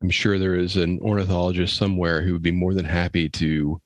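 A man co-hosting a comedy podcast, making wry deadpan asides in casual chat. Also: deep voice, brisk, dry recording. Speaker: podcast co-host.

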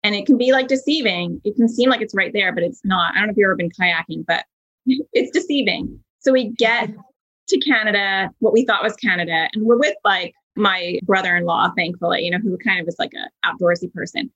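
A husky-voiced woman in her thirties hosts a podcast. She tells stories casually and chattily, full of fillers and asides. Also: mid-range voice, a little fast, highs cut off. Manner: chatty, animated storyteller with many fillers. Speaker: podcast host. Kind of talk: casual conversational storytelling.

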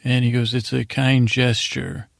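A man hosting a bedtime podcast, rambling through a TV episode recap in a low-key, filler-heavy way. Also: a little slow, gravelly, dry recording, studio quality. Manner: rambling, monotone retelling with lots of fillers. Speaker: podcast host.

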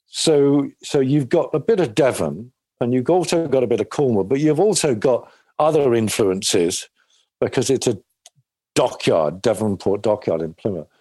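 A man's voice: mid-range voice, expressive, normal speed, mellow, husky, dry recording. Rambling English man telling stories. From England. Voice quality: rambling storyteller with many restarts. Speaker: interview guest, actor. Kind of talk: casual interview talk.

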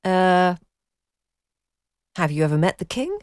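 A woman, co-hosting a casual chat, dry and teasing with quick quips. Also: on the low side, very animated, clean tone, dry recording. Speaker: co-host.

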